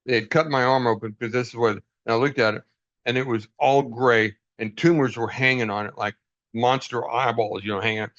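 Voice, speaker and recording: An earnest man leading a group over a video call, his voice dull and lo-fi with little room sound. He speaks at a middling pitch, laughs often and acts out little exchanges as he tells a story. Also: moderate pace, a bit bright, no room sound. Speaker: group leader. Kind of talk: casual group talk.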